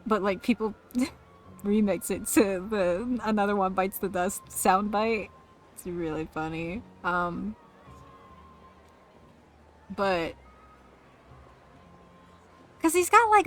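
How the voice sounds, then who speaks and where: A woman's voice: medium pitch, animated, slow, long pauses, a little hiss or hum. A woman streaming a game, chatting casually in a rambling, giggly, self-mocking way.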